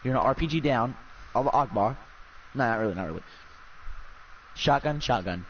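A man's voice: mid-range voice, lively intonation, fairly quick. A young man gaming with a friend, swearing and ranting in exasperated, profane banter. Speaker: gamer. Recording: dull lo-fi with faint noise.

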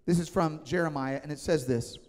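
A fairly high-voiced male pastor delivers an emphatic, conversational sermon. He regularly checks in with his listeners, and his voice rings with the long reverb of a church hall. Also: a little fast, darkish tone. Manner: emphatic, conversational, asks the congregation questions. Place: church sanctuary.

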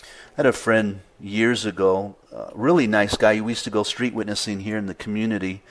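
A man's voice: fairly low pitch, steady tone, normal speed. A male pastor preaching a sermon in an easygoing conversational way, reading scripture aloud with rising emphasis.

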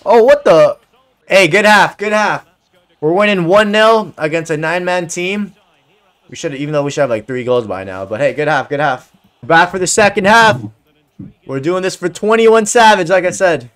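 A male gamer hypes up his soccer match, his slightly high voice swinging wildly up and down. He swears, cheers goals and yells at his teammates in a loose, excitable way. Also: normal speed. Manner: hyped, swearing, shouting at teammates. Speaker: gaming video creator. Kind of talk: excited gameplay commentary.

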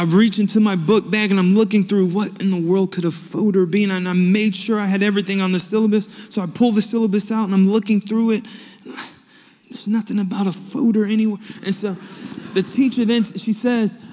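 A young adult man preaching a sermon, telling personal stories and acting out the dialogue with lively energy. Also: sits high, a little fast. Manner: animated anecdotes with acted-out dialogue. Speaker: pastor. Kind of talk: storytelling sermon. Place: church sanctuary. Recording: long hall reverb.

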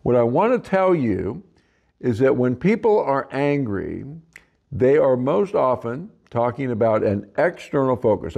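Man, instructional talk, gravelly voice, acts out client quotes. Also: medium pitch, very animated, unhurried, darkish tone, lo-fi sound. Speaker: trainer for facilitators.

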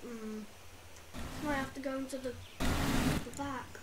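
High-voiced woman exclaiming through a role-play. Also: steady tone, slow. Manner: exclamatory, squeamish, lots of oh and ugh. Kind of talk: casual game role-play. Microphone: desk mic. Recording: loud background noise.

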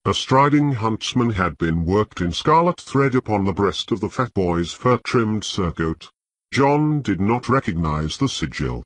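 Husky low-voiced male audiobook narrator. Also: big pitch swings, measured pace, no echo.

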